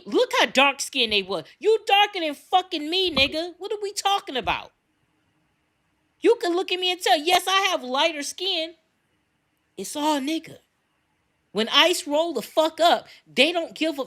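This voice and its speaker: Woman, middle-aged, podcast co-host, furious profane rant, bright edgy voice. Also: sits high. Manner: angry, profane, emphatic.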